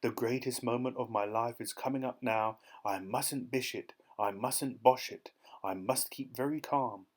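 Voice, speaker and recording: A man voicing a shy, lovestruck older gentleman neighbour who speaks in a gentle, coaxing way. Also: medium pitch, measured pace, lightly acted. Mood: nervous.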